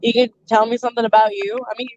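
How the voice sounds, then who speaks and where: A woman hosts a live stream over a video call in easy, chatty talk, laughing often at her own stories. Her voice sits a little high and comes through muffled and lo-fi. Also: level tone, rapid-fire, darkish tone, dry recording. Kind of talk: casual chat. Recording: muffled lo-fi sound.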